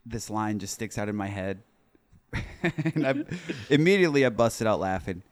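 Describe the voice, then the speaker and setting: A man's voice: lowish voice, animated, moderate pace. A man in his twenties from Minnesota, co-hosting a casual podcast, bantering, laughing and swearing often. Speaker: podcast co-host.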